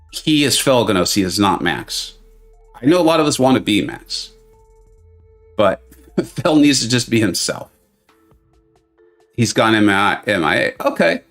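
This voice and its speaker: A man's voice: fairly high pitch, a bit bright. A man hosting a game-tournament watch party live stream, chatting casually and greeting viewers by name with self-mocking humor. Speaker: livestream host.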